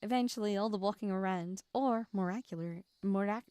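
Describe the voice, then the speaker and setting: A woman streaming a game live, excitable and giggly, breaking into shouts and laughter as she plays. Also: medium pitch, fairly quick, clean tone, dry recording. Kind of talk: live gameplay commentary.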